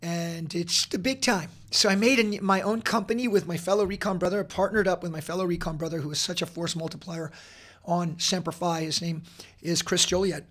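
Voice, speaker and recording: A middle-aged man talking as a podcast guest, earnest and energetic, with many fillers and restarts. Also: sits high, fairly quick. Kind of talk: casual interview talk.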